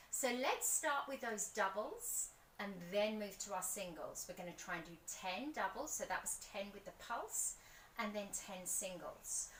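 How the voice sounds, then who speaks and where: A woman guides a pilates workout outdoors, her voice bright and a touch high. She counts reps and offers gentle encouragement. The sound is roomy and distant, with faint ambience behind her. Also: slight background noise. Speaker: pilates instructor.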